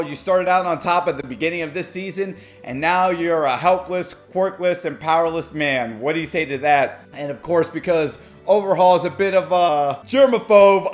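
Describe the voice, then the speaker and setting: A man talking through an anime episode in a casual review, openly emotional and excitable, with many fillers and restarts. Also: on the high side.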